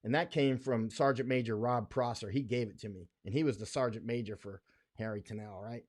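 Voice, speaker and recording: A man's voice: medium pitch, steady tone, brisk, a little mellow, no room sound, studio quality. An American man hosting a casual livestream, rambling in a folksy way, often laughing between thoughts. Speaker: livestream host.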